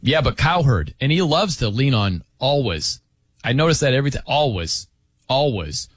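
A man's voice: mid-range voice, sing-song, a little fast, breathy edge, no echo. A man hosting a casual radio talk show, chatty and laughing often, speaking into a studio microphone. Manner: chatty, laughs often, mimics others' pronunciations. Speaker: sports radio host.

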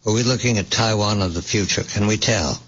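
A man hosting a talk radio discussion, briskly directing the conversation. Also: on the low side, fairly bright tone. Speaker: host. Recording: dull lo-fi broadcast audio.

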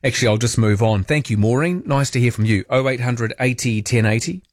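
A playful, chatty male radio host taking calls from listeners. He talks at an everyday pitch, jokes freely, and sounds close and dry on a studio mic. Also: brisk, no echo. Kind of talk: casual chat with callers. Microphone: studio microphone.

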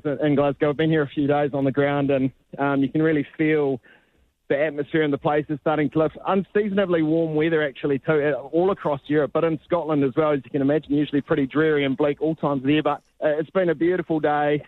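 A man's voice: on the high side, dry recording, phone-quality sound. A man, a sports reporter chatting casually on a radio show, laid-back and full of restarts. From New Zealand. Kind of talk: casual radio phone-in chat.

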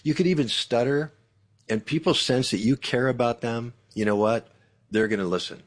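A man guesting as an author, speaking in an animated, emphatic, preacherly way about faith and communication. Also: medium pitch, normal speed. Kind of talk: faith-based interview talk.

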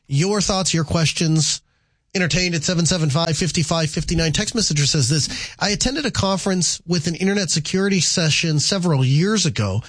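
A man's voice: on the high side, a little fast, a bit bright, no room sound. Chatty man hosting talk radio. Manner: chatty, rambling, with filler words and restarts. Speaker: radio talk show host.

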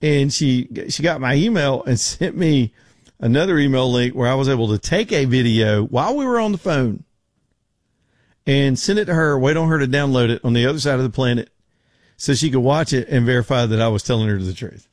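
A man's voice: medium pitch, fairly quick, dry recording. Brief: man, radio host, rambling folksy talk, dry studio sound.

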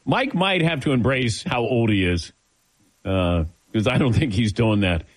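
A man's voice: medium pitch, a little slow. A man hosting a sports radio talk show, joking with his crew between segments. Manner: lively, joking, sets up segments.

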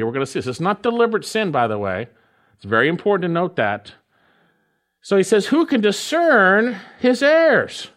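A middle-aged man preaching a verse-by-verse sermon, stressing key words slowly and repeating phrases for emphasis. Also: sits high, fairly bright tone. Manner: emphatic, repeats key phrases, swoops between slow stresses and quick asides. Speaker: pastor. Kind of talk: expository sermon.

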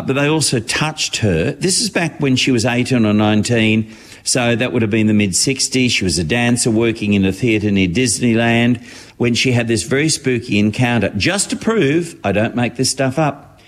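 A man's voice: medium pitch, normal speed. A man doing a chatty entertainment gossip segment on radio. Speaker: entertainment reporter.

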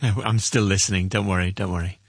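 A man interviewing for a news report, asking short, gentle, prompting questions. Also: low-pitched, fairly even intonation, fast talker, dry recording.

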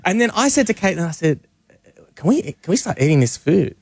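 A man's voice: high-pitched, sing-song, brisk, gravelly, a little mellow, dry recording. A man telling a comic story as a guest on a radio show, laughing often as he talks. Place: radio studio.

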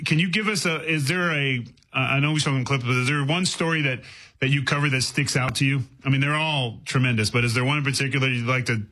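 A man's voice: mid-range voice, sharp tone, rough recording. A man from Boston hosting an interview, casual and joking, firing off follow-up questions. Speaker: host.

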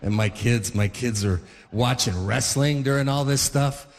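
A man's voice: medium pitch, measured pace, in a large hall. A man in his forties doing a stand-up comedy routine, rambling through stories with many fillers and acting out the characters in them.

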